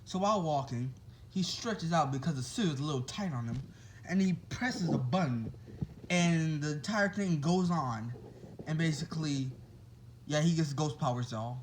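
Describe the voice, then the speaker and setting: A man's voice: on the high side, lively intonation, moderate pace, a little hiss or hum, rough recording. Man rambling through a made-up story. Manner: rambling, with restarts and asides to listeners. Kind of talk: casual improvised fan-fiction storytelling.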